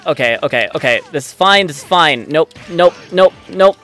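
Guy yelling and cursing at a fighting game, kinda higher voice, drawn out slow talk. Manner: excitable, swears a lot, frustrated outbursts. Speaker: let's play gamer. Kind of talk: live gameplay commentary. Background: faint game music.

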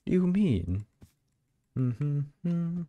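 A man's voice: fairly high pitch, big pitch swings, extremely slow, no echo, phone-quality sound. A young man live-streaming a game, chatting casually and teasing his viewers in a joking way. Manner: joking, teasing chat banter.

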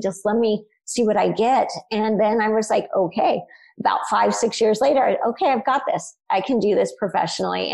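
A middle-aged woman, a guest on a podcast, telling her own story in an earnest, animated way and laughing easily. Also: medium pitch, creaky, poor audio. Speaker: guest, spiritual medium.

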